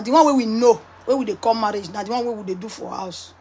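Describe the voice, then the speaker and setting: A woman's voice: fairly high pitch, quick pace, a little mellow, a little hiss or hum. A woman with a Nigerian accent, ranting to her viewers in a mocking, scolding way and laughing often. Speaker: online commentator. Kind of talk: casual rant to viewers.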